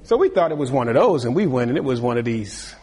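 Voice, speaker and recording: A man preaching a sermon with a husky voice, lively and acting out other people's voices. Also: medium pitch, fast. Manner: animated, acts out voices of tempters and the king. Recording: long hall reverb.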